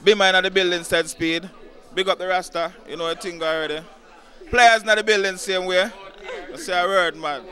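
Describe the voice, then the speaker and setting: Brief: bright high Jamaican man, rapid patois thanks. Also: steady tone, some chatter behind. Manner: quick thank-yous in patois.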